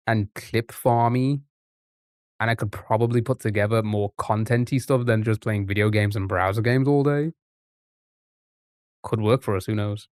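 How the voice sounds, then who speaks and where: A man's voice: mid-range voice, a little mellow, no echo, clean studio sound. Rambling, chatty male streamer. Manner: rambling, chatty, trips over words. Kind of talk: casual live-stream chat.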